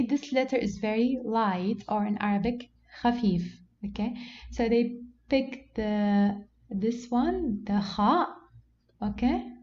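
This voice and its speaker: A patient woman teacher explains step by step, pausing on "okay" and slowing down to model each word. Her voice sits fairly high and sounds mellow. The recording is dull and lo-fi, with a faint hiss behind it. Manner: patient, repeats "okay" often, slows to model words. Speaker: Quran recitation teacher. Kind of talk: explanatory lesson on reading marks.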